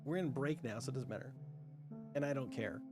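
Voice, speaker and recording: A man's voice: medium pitch, a little fast. A man hosting as dungeon master, chatting casually and loosely on a call during a break, with frequent restarts and laughs. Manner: rambling, many restarts, laughs often. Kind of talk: casual chat during a livestreamed game break. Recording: background music under the voice.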